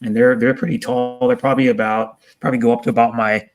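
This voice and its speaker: A man's voice: mid-range voice, level tone, fast. A man in a casual chat on a video call, rambling and often repeating his words. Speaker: co-host.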